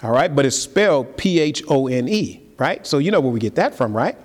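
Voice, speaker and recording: A man preaching a sermon, firing rhetorical questions at the congregation and swinging between loud high emphasis and low quiet asides. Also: very animated, a little fast. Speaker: pastor. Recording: long reverb of a large hall.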